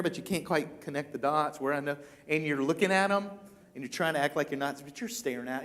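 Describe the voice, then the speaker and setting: A man with a high, light voice preaches a sermon in a church. He tells the story in a chatty way and jumps into animated voices for the people he quotes. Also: quick pace. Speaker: pastor.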